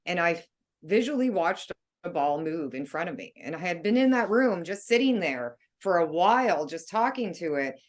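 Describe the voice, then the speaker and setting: A woman, a paranormal investigator, speaking in an earnest, plainspoken way in a casual interview. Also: deep voice. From Canada.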